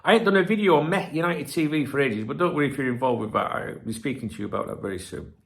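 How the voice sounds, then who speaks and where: A middle-aged man who runs a football channel rants casually and cheekily to his viewers, swearing a lot and staying animated. His voice is fairly high and creaky, and he talks at a quick pace.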